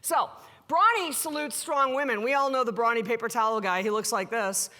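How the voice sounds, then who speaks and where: A woman delivers a conference keynote in a bright, forceful voice that sits a little high. She is animated and joking, and she acts out the people she quotes. Her voice rings through a large hall with a long reverb. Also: fairly quick. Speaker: keynote speaker.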